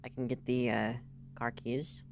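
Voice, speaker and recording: A woman streamer giving live commentary as she plays a game, reacting out loud, swearing and reading in-game text aloud. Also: rumbling low, level tone, measured pace, creaky, a little hiss or hum.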